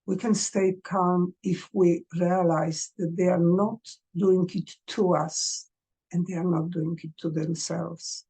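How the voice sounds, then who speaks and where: Slow, soft-toned woman coaching parents. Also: fairly low pitch, level tone, breathy edge. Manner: gentle, earnest, speaks English as a second language. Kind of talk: gentle advice talk to parents.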